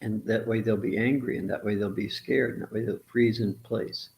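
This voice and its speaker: A man's voice: lowish voice, fairly even intonation, normal speed, creaky, background noise. A man in a casual discussion, explaining ideas bluntly with restarts, mild swearing and acted-out quotes. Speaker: relationship teacher in a conversation.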